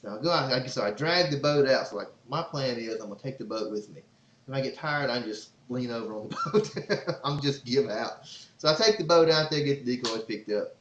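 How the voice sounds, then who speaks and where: Excitable man, roomy sound. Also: mid-range voice, a little fast, slight background noise. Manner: excitable, rambling storyteller. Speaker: podcast host and father. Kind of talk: casual podcast storytelling. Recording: roomy, slightly dull sound.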